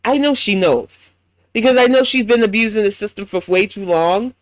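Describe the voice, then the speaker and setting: A man's voice: sits high, normal speed, dry recording. A man with a New York accent hosting a reaction commentary, blunt, profane and mocking. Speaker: commentary host.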